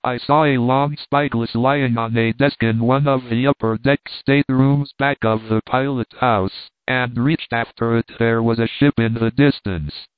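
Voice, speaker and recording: Male narrator reading a memoir, wry delivery, smooth voice on a thin phone-like line. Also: medium pitch, fairly even intonation, a little slow, few pauses, no room sound. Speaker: audiobook narrator. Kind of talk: reading a travel memoir aloud. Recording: dry, tinny phone-like sound.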